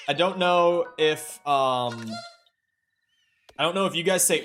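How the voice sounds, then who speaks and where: A man's voice: fairly high pitch, a little slow, a bit bright, soft background music. A young man from Minnesota with a Minnesotan accent, casually chatting with his stream chat while he plays, loose and offhand, swearing now and then. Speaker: game streamer.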